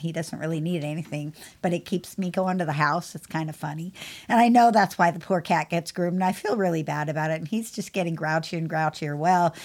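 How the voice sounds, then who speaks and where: A middle-aged woman co-hosting a podcast about pet grooming, chatting casually and laughing often. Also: fairly low pitch. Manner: chatty, laughs often, mimics her cat meowing. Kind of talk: casual chat.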